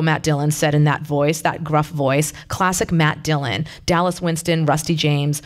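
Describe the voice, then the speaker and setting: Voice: medium pitch, flat delivery, normal speed, hardly any pauses. Plain voice reading fiction aloud. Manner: plain, conversational reading with brief asides. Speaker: reader.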